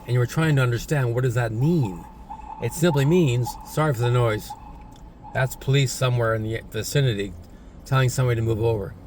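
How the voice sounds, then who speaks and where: Teaching spoken English casually, this man talks a little fast in a mid-range, slightly mellow voice, with slight background noise. He repeats himself and likes adding "right?" and "isn't it?" to his points.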